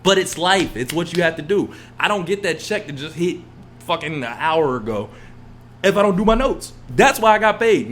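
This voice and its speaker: A young man co-hosting a podcast, ranting in a heated, profane, casual way and mimicking other people in low mumbled asides. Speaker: podcast co-host.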